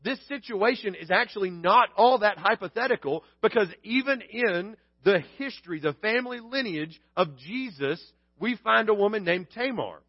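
A man's voice: high voice, expressive, normal speed, hardly any pauses, breathy edge, no room sound, lo-fi sound. A man preaching a sermon in a conversational way, acting out quoted lines with humor. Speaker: pastor.

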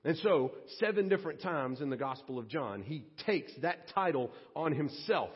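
Man, pastor, sermon, earnest conversational preaching, high husky voice, muffled church hall recording. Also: animated, normal speed. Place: church sanctuary.

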